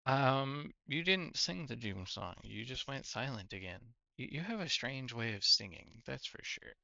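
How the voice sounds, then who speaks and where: A man's voice: mid-range voice, big pitch swings, unhurried, gravelly, sharp tone, no room sound. A man chatting casually with an AI companion while streaming a game, often stumbling and restarting his words. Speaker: gaming streamer. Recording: dull lo-fi mic.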